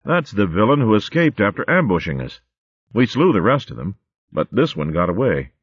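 A calm warrior mouse who speaks in a steady, even way, as a male narrator puts him on. His voice sits above the reader's low register and carries a dry, phone-like thinness. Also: normal speed, husky, dry recording.

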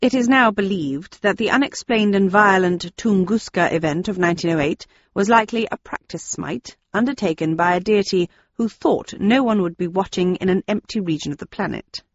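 A woman reading a novel aloud in the first person, with measured, steady storytelling. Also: medium pitch, no echo, highs cut off. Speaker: audiobook narrator. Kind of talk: first-person audiobook narration.

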